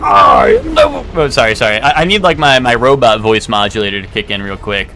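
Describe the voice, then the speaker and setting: A man's voice: fairly low pitch, fast, background noise. A man streaming a game live, chatting casually with a rambling, swearing, laughing manner. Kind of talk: casual live gameplay commentary.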